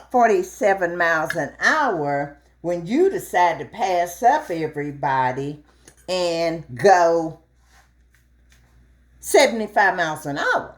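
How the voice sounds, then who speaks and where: Slow, animated middle-aged woman storyteller. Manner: animated, acts out dialogue with big pitch jumps. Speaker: vlogger. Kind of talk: casual storytelling while cooking.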